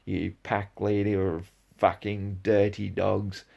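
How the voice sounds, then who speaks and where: A man delivering angry ranting commentary, profane and heated, swinging between low mutters and loud outbursts. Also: little pitch movement, slow pace, creaky, muffled recording. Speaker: video creator.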